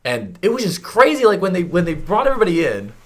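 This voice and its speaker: A man's voice: sits high, huge pitch swings, fast talker, a bit bright. A man hosting a podcast, asking loose, rambling questions and backing the guest up with short replies. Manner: casual questions with lots of backchannel, restarts mid-sentence. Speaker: podcast host. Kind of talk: casual interview chat.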